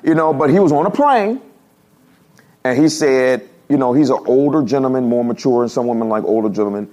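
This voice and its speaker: A man preaching a humorous storytelling sermon to his congregation, animated and laughing at his own stories. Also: mid-range voice, brisk. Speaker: pastor. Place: church service before a congregation.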